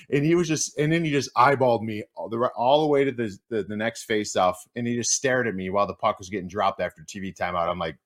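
Low-voiced guy, 40s, telling animated hockey stories, voices the quotes with big jumps. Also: fast. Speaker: guest, former hockey player. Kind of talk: casual storytelling chat.

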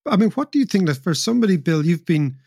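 A man's voice: high voice, very animated, fast talker, gravelly, a little mellow, slightly rough. A man hosting a podcast interview, asking probing questions with stammering restarts. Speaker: podcast host.

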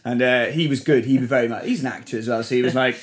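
A man, a comedian and impressionist, recounting a story in relaxed conversation. His telling is animated and loose, full of trailing sentences and fresh starts, at an ordinary mid pitch for a man. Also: quick pace. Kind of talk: casual anecdote-telling in conversation.

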